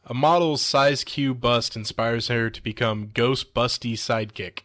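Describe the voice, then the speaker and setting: A man's voice: medium pitch, a little slow, fairly bright tone. A man co-hosting a casual podcast, reading odd news items aloud and adding dry remarks.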